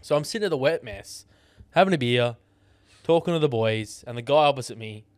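A young Australian man co-hosting a podcast, telling animated stories full of swearing in casual chat. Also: medium pitch, fairly quick, dry recording. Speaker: podcast co-host.

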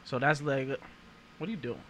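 A man's voice: medium pitch, normal speed, fairly bright tone. A man in a casual chat with friends who laughs often and teases.

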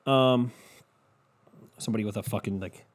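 A man's voice: fairly low pitch, normal speed. A man hosting a podcast on his own, ranting casually and profanely in a loose, comedic style. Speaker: podcast host.

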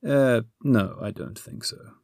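Fussy wizard, voiced by a male narrator pitched up, hesitant, audiobook, dry read. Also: lively intonation, takes it slowly, gravelly, darkish tone, dry recording. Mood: fidgety. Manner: hesitant, full of "uh"s. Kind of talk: audiobook character voice.

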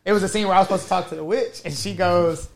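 A man telling a story in casual chat, animated and slangy, often laughing as he goes. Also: sits high, rapid-fire, vocal fry, a crowd in the background.

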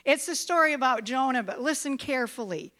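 A woman telling a Bible story for children, lively, dramatic and playful. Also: high voice, brisk.

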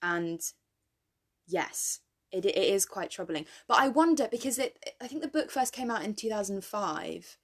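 A woman's voice: mid-range voice, animated, moderate pace. A young woman co-hosting a podcast in casual chat, thoughtful and wry, laughing easily. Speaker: podcast co-host.

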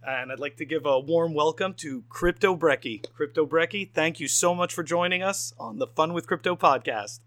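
A man's voice: fairly high pitch, moderate pace, hardly any pauses, a bit bright. A man hosting a casual podcast interview, enthusiastic and rambling, with lots of fillers and restarts. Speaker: podcast host.

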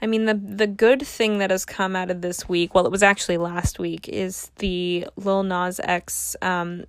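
Slow, rambling young woman podcaster. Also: lowish voice, level tone, clean tone, dry recording. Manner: rambling, self-mocking humor. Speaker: podcast host. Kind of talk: casual solo podcast chat.

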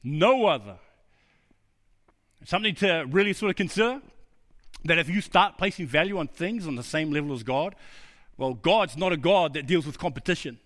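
A middle-aged man preaching a sermon, earnest and personal, telling his own stories and dropping to a low, quiet voice for emphasis. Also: expressive, normal speed, pauses often.

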